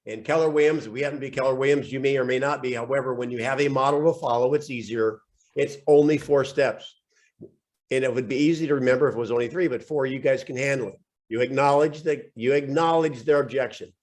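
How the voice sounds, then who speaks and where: This is a man running a real estate coaching call, upbeat and quick to joke. His voice sounds worn and a little scratchy from days of talking. He speaks into a computer mic on a video call. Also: medium pitch. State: voice weak and scratchy from overuse.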